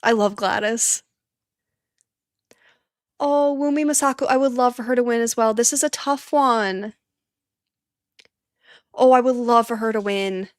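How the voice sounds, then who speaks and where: A woman hosting a casual live-stream watch party, chatting excitably and laughing often, teary and sniffly. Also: fairly high pitch, normal speed, long pauses, clean tone, no room sound, studio quality.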